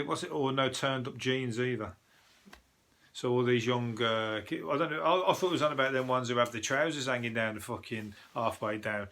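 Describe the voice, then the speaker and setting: A Birmingham-accented man rants through odd news stories as a comedian. He rambles, swears constantly and speaks bluntly. His voice sits at a middling pitch with a bright, forceful tone. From Birmingham, England. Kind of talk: sweary comic news review.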